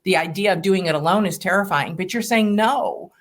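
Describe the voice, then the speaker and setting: A woman hosting a podcast, summing up her guest's points in a measured, deliberate way. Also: lowish voice. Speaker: podcast host. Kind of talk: interview host summarizing.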